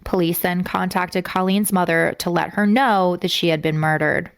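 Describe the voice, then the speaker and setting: A woman's voice: fairly low pitch, steady tone, normal speed, clear, resonant tone. Blunt, profane woman co-hosting a podcast. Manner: blunt and profane, getting emotional. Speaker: podcast co-host. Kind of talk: casual true-crime podcast chat.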